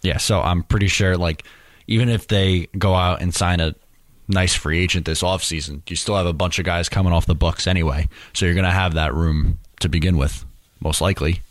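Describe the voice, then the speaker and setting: Man, very low pitch, agreeable co-host in sports talk; dry recording. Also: fairly even intonation, a little fast, no room sound. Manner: agreeable, short replies. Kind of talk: casual sports chat.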